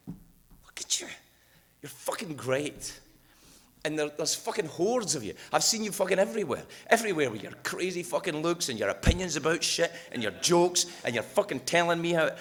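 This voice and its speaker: Bright, lively man sharing his story. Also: on the high side. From United States. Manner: swears freely, jokes, shifts between loud bursts and quiet asides. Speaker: recovery meeting speaker. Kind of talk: personal recovery talk, profane and candid. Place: meeting hall with audience.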